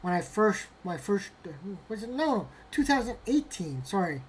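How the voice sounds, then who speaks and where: A woman talks slowly through an unboxing of graded cards, chatting to herself as she goes. Her commentary is casual, and she groans over bad grades with playful mock drama. Faint room noise sits behind her voice. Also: medium pitch, sing-song. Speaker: vlogger opening graded trading cards.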